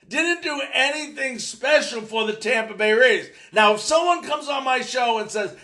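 Animated high-voiced male sports podcaster. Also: measured pace. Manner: animated, ranting, emphatic. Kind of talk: solo sports podcast monologue.

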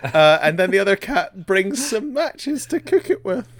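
A man's voice: high voice, moderate pace. A man in casual chat, laughing often and chiming in as he retells a show. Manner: lively, laughs often, chimes in with agreement.

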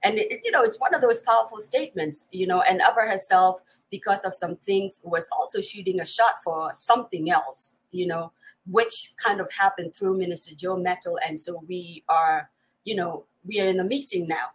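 Husky-voiced woman hosting a lively live stream. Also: fairly low pitch, moderate pace, poor audio. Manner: energetic, greets viewers in many languages, laughs often. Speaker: host of a live online talk show.

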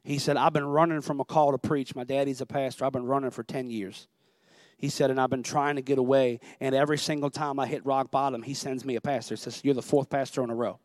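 A man's voice: mid-range voice, steady tone, fast, a little mellow, no room sound. A young man, a pastor telling a personal story in a conversational sermon. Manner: conversational storytelling, Southern phrasing.

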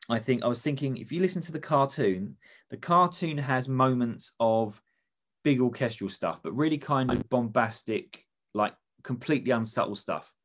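A man's voice: mid-range voice, moderate pace. A man chatting casually, rambling enthusiastically with many restarts. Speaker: podcast co-host. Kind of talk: casual comedic chat.

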